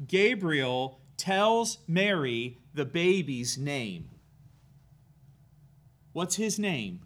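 A man preaching a sermon, posing rhetorical questions to his listeners and stressing key words slowly. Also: on the high side. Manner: rhetorical questions to the congregation, slow and emphatic.

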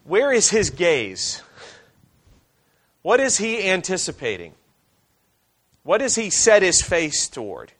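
A male pastor preaching a sermon, reading scripture aloud and asking the congregation questions, slowing down for emphasis. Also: high-pitched, wildly swooping pitch, fairly bright tone.

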